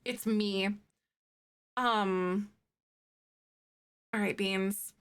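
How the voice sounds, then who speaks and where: Speaking extremely slowly, this thirtysomething woman has a smooth, mid-range voice with fairly even intonation. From her green-screen home streaming setup she chats with live viewers, giggling and bubbly as she gushes about her favorite things.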